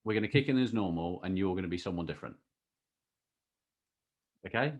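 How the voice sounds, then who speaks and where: A man's voice: deep voice, fairly quick, lo-fi sound. A man hosting a podcast in casual, teasing chat. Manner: playful, teasing, animated. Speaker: podcast host.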